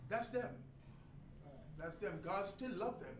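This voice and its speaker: A man teaching a sermon to a congregation, emphatic and swinging between loud and soft delivery. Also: sits high, expressive, slow. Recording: echoey room, distant mic, faint noise.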